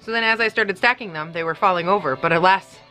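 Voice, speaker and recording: A woman's voice: on the low side, quick pace, bright, forceful tone, soft background music, rough recording. A woman vlogging in a casual, rambling way at home in her kitchen, swearing often and saying "like" a lot. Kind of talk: casual chat.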